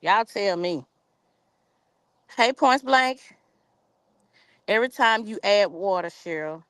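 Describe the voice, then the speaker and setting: Recorded dry through a phone camera on a tripod, this woman's voice is medium in pitch, expressive, slow, fairly bright, and clean. She's hosting a gardening live stream from her backyard, chatting casually and reading viewer comments aloud. Her speech is informal, with "y'all" in her dialect.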